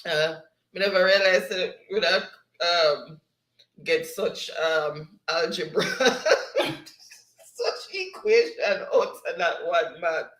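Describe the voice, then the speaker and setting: A man's voice: high-pitched, lively intonation, a bit bright, reverberant. A man hosting a livestream, reading viewers' chat aloud and laughing often. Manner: laughs often, slow and easygoing. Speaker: livestream host.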